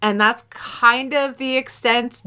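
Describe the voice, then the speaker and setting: A woman in casual chat recapping a TV episode, animated and swearing casually, acting out the characters' lines. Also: a little high, slow pace, clear, resonant tone.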